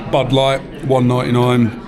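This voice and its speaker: A man's voice: mid-range voice, monotone, normal speed, crowd noise. A man casually vlogging as he walks around town, rambling and laid-back with the odd swear word. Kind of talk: casual walking vlog. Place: outdoors on town streets and in a car. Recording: street noise behind.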